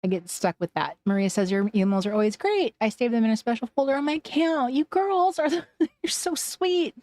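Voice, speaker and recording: Her voice runs on the high side with a darkish tone and a brisk pace. She's a Washington State woman chatting with viewers on a casual craft livestream, reading their comments, laughing a lot, and leaving sentences unfinished.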